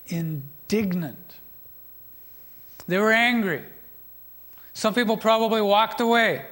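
Pastor, man, middle-aged, high pitched; storytelling sermon with asides to the congregation. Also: a bit bright.

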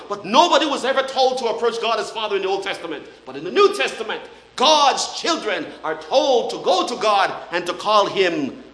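Older man, pastor preaching, earnest then hushed, very high voice. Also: sing-song, moderate pace. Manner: earnest preaching, drops to soft awed tones. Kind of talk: sermon. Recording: roomy hall echo.

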